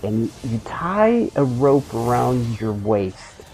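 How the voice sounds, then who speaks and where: Man, gravelly voice, dark tone, rambling joking storyteller, casual and profane. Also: mid-range voice, sing-song, takes it slowly, faint music behind, low-quality recording. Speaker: game streamer. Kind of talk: casual storytelling while gaming.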